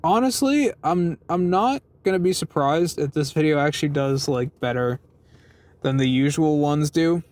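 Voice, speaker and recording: Young man, slightly high voice, casual car vlog, rambling, self-deprecating, phone recording. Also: moderate pace, a little mellow. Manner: rambling, self-deprecating, lots of fillers and swearing. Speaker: vlogger. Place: parked car.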